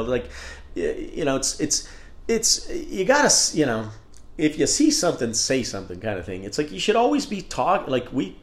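A man hosting a casual solo podcast, talking in a rambling, candid and profane way. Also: fairly high pitch. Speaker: podcast host. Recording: roomy echo.

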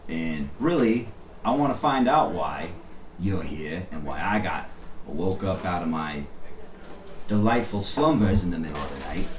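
Man doing a gruff low-muttering 1920s cop for a tabletop game; deep voice, roomy distant sound. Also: background noise, exaggerated voice. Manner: low, muttering, put-upon. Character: weary grumbling male 1920s police detective. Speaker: game master voicing a character.

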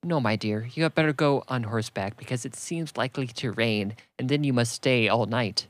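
A man voicing an excitable, fussy middle-aged mother in a classic novel reading, raising his pitch a little. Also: a little fast, no room sound, natural voice. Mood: coaxing.

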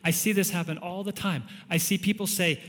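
A man's voice: sits high, steady tone, a little fast, fairly bright tone. Man preaching in a reverberant hall. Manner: conversational, storytelling with frequent chuckles. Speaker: pastor. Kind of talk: sermon.

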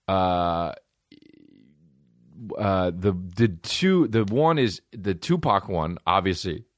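Low-voiced man in a rambling profane rant. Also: no echo, studio quality. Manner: profane, rambling, mock-rapping asides. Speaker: podcast host. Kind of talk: casual comedic rant.

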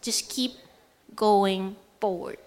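A woman from Brunei giving a motivational talk to young people at an event, telling an animated story and acting out the dialogue. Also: medium pitch, slow, faint music behind. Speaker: invited speaker. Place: event stage before an audience.

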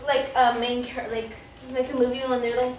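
A woman's voice: sits high, level tone, moderate pace, distant mic. A young woman hosting a casual group vlog, rambling and giggly, saying "like" a lot. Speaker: vlogger. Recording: echoey room with faint noise.

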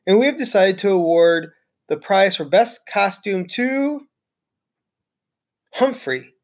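A firm but kind woman teacher, voiced by a reader, speaks in a steady, measured way. She sounds in control of her classroom, with a plain, mid-pitched voice. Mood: announcing.

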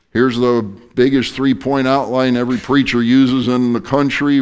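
A male pastor preaching an evening sermon, animated, with joking asides to the congregation. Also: medium pitch, measured pace, few pauses, clear, resonant tone.

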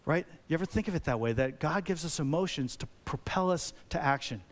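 Animated pastor preaching a casual sermon. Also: male voice, on the high side, a little fast. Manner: conversational, animated, rhetorical questions.

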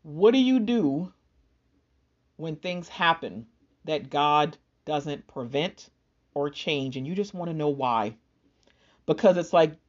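A woman's voice: sits low, expressive, slow pace, long pauses, a little mellow. A young woman earnestly recounting a personal loss and her faith, in an emotional, storytelling way. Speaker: speaker sharing a personal testimony. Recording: dull lo-fi sound.

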